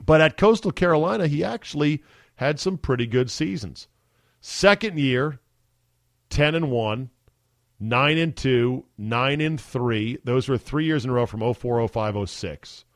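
A man's voice: medium pitch, expressive, a little slow, no room sound. A male podcast host, chatting casually and easily amused, with frequent fillers. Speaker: sports radio podcast host.

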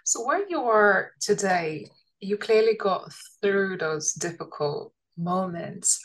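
A woman's voice: fairly low pitch, rough recording. A woman hosting an interview podcast, asking thoughtful questions and reflecting on her own experience. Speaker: podcast host.

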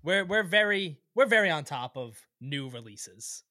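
A man guesting on a podcast, upbeat and quick to laugh, plugging his show. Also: fairly high pitch, animated, bright, forceful tone, no room sound, clean studio sound. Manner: upbeat, laughing often, promotional. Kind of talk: casual chat.

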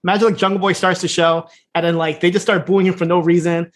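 A man co-hosts a casual podcast and rattles through an episode recap at a quick clip. He laughs a lot and puts on the characters' lines as he goes. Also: sits high, level tone. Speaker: podcast co-host.

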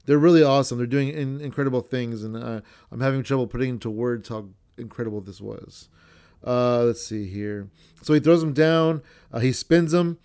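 A man's voice: medium pitch, a little mellow, clear, resonant tone. A man hosting a podcast, recapping a match in a rambling, profane, self-correcting way. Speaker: podcast host.

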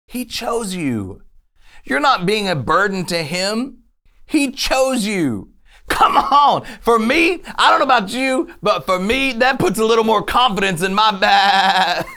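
An online faith speaker giving an energetic faith message to camera, chatty and animated, often laughing and urging listeners on. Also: mid-range voice.

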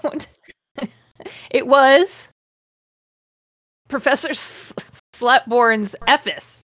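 A woman's voice: sits high, drawn-out words, sharp tone, no room sound. A woman podcast host giving a comedic reading, breaking off with sarcastic, profane jabs at the text. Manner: sarcastic, swears freely, mocks the text. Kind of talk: comedic dramatic reading with commentary.

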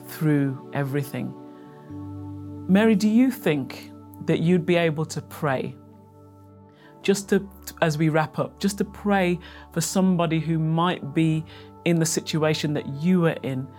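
A host of a faith interview program speaks in a gentle, reflective way that leans toward preaching. Faint guitar music plays softly behind the voice. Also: mid-range voice. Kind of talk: interview hosting.

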